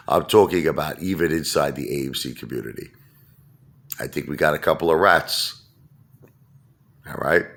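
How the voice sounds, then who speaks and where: A man's voice: extremely low pitch, fairly bright tone. A man hosting his own channel, talking straight to viewers in a brash, mocking, repetitive rant. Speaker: channel host. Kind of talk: ranting vlog monologue.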